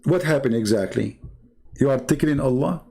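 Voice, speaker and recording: Gravelly-voiced man mocking with rhetorical questions. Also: medium pitch, normal speed, mellow. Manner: non-native English grammar. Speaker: Christian debater. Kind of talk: argumentative debate talk.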